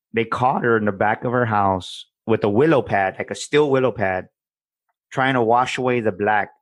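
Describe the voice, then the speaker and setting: A man hosting a casual interview, talking earnestly with quick agreement. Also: lowish voice, a bit bright, no echo. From Mexican heritage, based in San Antonio. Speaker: host.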